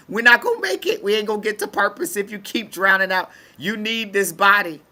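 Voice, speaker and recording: A woman voicing her own spirit as a high, urgent inner voice that scolds and pleads with her. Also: animated, normal speed, pushed and bright. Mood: pleading.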